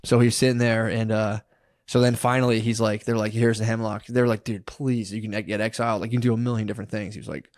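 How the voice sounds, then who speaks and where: A man's voice: on the low side, little pitch movement, quick pace, darkish tone, no echo, clean studio sound. A man co-hosting a comedy podcast, telling a story in rambling casual chat with heavy slang and acted-out quotes. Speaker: podcast co-host.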